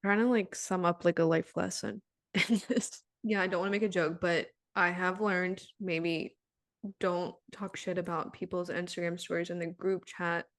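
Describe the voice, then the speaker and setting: A woman's voice: fairly low pitch, fairly even intonation, moderate pace. Wry woman podcast co-host. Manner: wry, dry joking asides. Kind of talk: casual chat.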